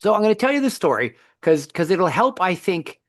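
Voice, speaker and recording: A middle-aged man co-hosting a faith podcast, telling a story in a lively conversational way with frequent restarts. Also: high-pitched, brisk, dry recording, clean studio sound. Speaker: podcast co-host.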